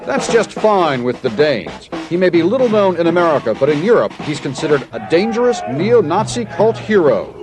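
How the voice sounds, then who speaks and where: A man narrating a television news report as a correspondent, in a crisp reporting manner. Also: on the high side, big pitch swings, normal speed, hardly any pauses, over music.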